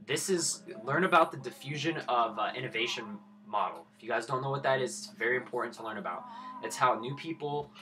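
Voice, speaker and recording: A man's voice: medium pitch, a little fast, over music. A man in his twenties giving blunt, profane live-stream commentary on his crypto trades and lecturing his viewers. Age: 20s.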